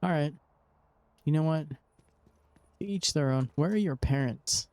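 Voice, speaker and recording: A man's voice: fairly high pitch, a little slow, a little mellow, no room sound. A young man casually commentating his gameplay, joking and teasing the characters. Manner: jokey, teasing game characters. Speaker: gaming streamer. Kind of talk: casual let's play commentary.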